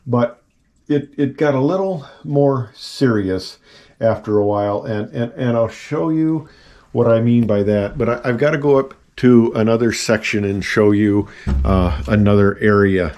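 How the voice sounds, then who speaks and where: A man's voice: medium pitch, a little slow, darkish tone. An older man in his seventies, a retired pilot and engineer, chatting casually through a tour of his home, rambling with many fillers and self-deprecating asides. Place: at home, in his house and attic office.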